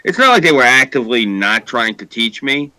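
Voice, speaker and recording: A man's voice: mid-range voice, big pitch swings, fairly quick, sharp tone, dry recording. A man with a New York accent chatting casually, rambling with lots of fillers and swearing. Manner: rambling, profane, hesitant. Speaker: podcast co-host. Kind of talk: casual chat.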